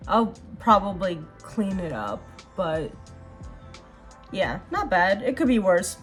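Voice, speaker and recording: Young adult woman vlogger, chatty and sincere, low-key background music. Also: big pitch swings, takes it slowly. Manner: chatty, earnest, rambling with fillers. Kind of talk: casual get-ready-with-me chat.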